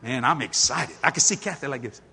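A middle-aged man preaching a storytelling sermon, folksy and animated, laughing at his own stories. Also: medium pitch, a little fast, a little hiss or hum.

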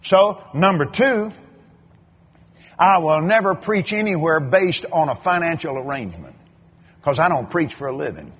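An older man preaches a sermon in a slightly high, husky voice at a moderate pace. He tells stories with animation, acting out quoted voices and repeating words. The recording is dull and lo-fi.

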